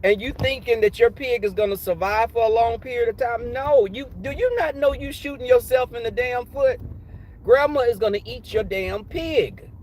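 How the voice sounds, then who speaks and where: High-pitched male streamer with a cold, animated and foul-mouthed storyteller. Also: moderate pace, a little hiss or hum, poor audio. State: has a cold. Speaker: livestream host. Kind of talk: casual storytelling.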